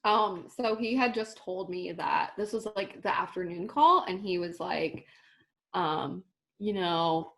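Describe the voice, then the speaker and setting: A woman's voice: on the low side, unhurried, a bit bright. A young woman in her twenties chatting in an interview, with lots of "like" and "um". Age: 20s. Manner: chatty, heavy on "like" and "um". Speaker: guest, daughter and caregiver. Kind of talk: casual interview chat.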